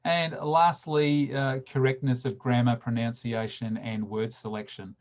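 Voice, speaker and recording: A man's voice: mid-range voice, flat delivery, muffled recording. A man giving public speaking tips at a committee meeting, often repeating words and restarting phrases. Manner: slows down sharply to demonstrate emphasis. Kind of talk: instructional talk at a meeting.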